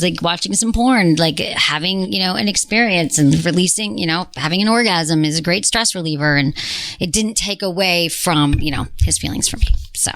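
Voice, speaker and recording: A middle-aged woman hosts a podcast in a casual, chatty way, upbeat and frank as she hands out advice. Her voice sits a little low and sounds dry and close, with no room around it. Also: a bit bright, no echo. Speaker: podcast host. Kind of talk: casual chat.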